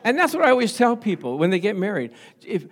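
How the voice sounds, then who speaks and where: An older male pastor preaches to his congregation in church, spinning humorous stories about married life. His voice sits a little high, and he laughs often and keeps asking the room "Amen?". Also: very animated, fast talker, a bit bright. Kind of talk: humorous sermon.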